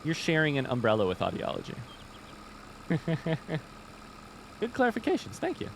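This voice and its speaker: A man's voice: fairly high pitch, wildly swooping pitch, unhurried, a little hiss or hum. A young man with an Indiana accent, casually thinking aloud and chatting with viewers while streaming a game. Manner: thinks aloud, reads chat, chatty and easygoing. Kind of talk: casual live-stream chat while gaming.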